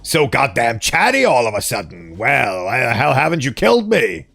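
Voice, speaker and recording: A man doing a brash hillbilly agent, crude cursing, lively swinging pitch, a bit high. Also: measured pace, gravelly, full character voice. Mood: brash, incredulous. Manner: hillbilly swearing and shouting. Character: crude swearing male agent, brash and scrappy.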